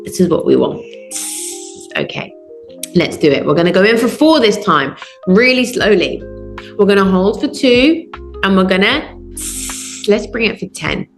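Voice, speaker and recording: A woman's voice: medium pitch, big pitch swings, moderate pace, long pauses, reverberant, soft background music. A woman voice coach leading a guided breathing lesson over a video call. She gives encouraging step-by-step instructions and counts out each breath. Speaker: voice and public speaking coach.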